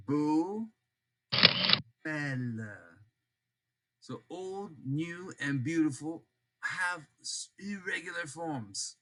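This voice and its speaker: An older male teacher with a fairly high voice walks through a grammar lesson at a very slow, deliberate pace. He repeats each example word with care and drops in playful jokes. Loud noise sits under the whole recording. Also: animated. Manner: slow and repetitive, drawing out example words, joking asides. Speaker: French teacher.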